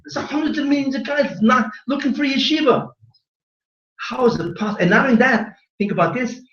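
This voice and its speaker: Fiery high-voiced man lecturing in echoey hall. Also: a little fast, fairly bright tone. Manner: fiery, rhetorical questions, emphatic. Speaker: rabbi giving a lecture. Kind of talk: impassioned religious lecture. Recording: echoey hall, distant dull mic.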